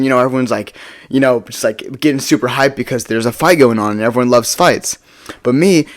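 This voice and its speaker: A young man telling a casual storytime, rambling and tagging sentences with "right?". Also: mid-range voice. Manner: rambling, tags lines with "right?".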